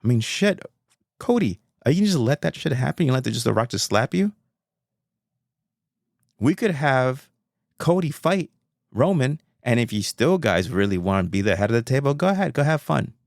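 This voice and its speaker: A man hosting a casual solo podcast, talking in an excitable, rambling way and swearing freely. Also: mid-range voice, moderate pace, creaky, dry recording, studio quality. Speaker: podcast host.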